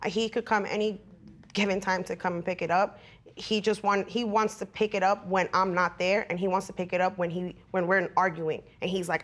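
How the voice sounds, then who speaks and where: A woman's voice: medium pitch, steady tone, a little fast, a bit bright. A young woman testifying as a litigant on a courtroom TV show, defensively explaining her side. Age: young adult.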